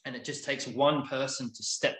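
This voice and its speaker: A man's voice: mid-range voice, steady tone, moderate pace, fairly bright tone, low-quality recording. A man speaking as an interview guest, earnest and reflective, swearing casually while he tells a story. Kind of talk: candid storytelling conversation.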